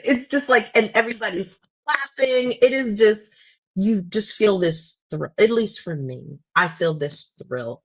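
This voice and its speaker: A woman's voice: mid-range voice, muffled recording. A woman co-hosting a podcast in casual chat, emphatic and playful, with theatrical asides. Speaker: podcast co-host.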